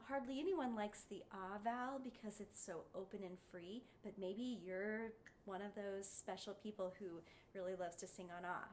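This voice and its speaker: A woman's voice: medium pitch, a little mellow, a little hiss or hum. A woman giving a singing lesson, encouraging her students and showing them the sounds with sung vowels. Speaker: voice teacher.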